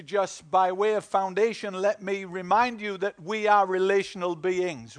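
A man with a Northern English accent preaching a Pentecostal-style sermon, exhorting the congregation with frequent fillers and call-and-response prompts. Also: high-pitched. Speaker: pastor.

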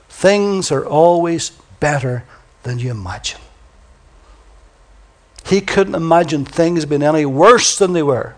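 A male preacher with a voice pitched a little above the usual, delivering a sermon. He reads scripture with drama, rising to booming proclamations and sinking to delicate, near-whispered phrases. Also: lively intonation, takes it slowly, long pauses. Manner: swings from booming declarations to hushed near-whispers.

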